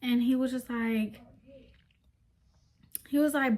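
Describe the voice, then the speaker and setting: A young adult woman telling a story in a casual vlog, animated and emphatic, full of slang fillers. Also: on the high side, slow, pauses often.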